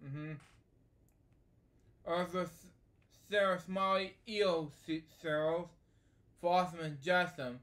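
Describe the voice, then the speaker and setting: A man reads a children's storybook aloud, often breaking off for rambling asides. His voice sits somewhat high, and his delivery is loose and unscripted. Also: fairly even intonation, slow pace, long pauses, a bit bright. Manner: rambling asides, many fillers like "anyway" and "so there you go". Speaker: storybook reader and host. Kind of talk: casual storybook read-aloud with commentary.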